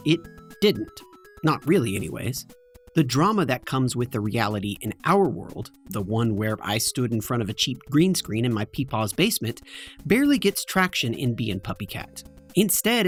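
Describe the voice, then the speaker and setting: Wry man narrating a video essay. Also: medium pitch. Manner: wry, joking asides. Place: home basement in front of green screen.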